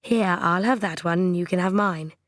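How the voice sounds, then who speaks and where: A narrator voicing a calm, blunt woman. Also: on the low side, moderate pace, no room sound, studio quality, close to an everyday voice. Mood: matter-of-fact. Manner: calm, matter-of-fact. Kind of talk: audiobook character voice.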